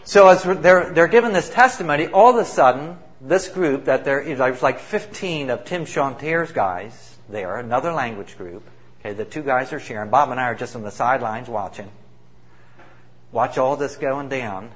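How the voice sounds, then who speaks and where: A man, a missionary, telling stories of the people he works with in an animated, emphatic way, acting out the voices of those he quotes. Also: medium pitch, moderate pace. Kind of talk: spoken testimony storytelling.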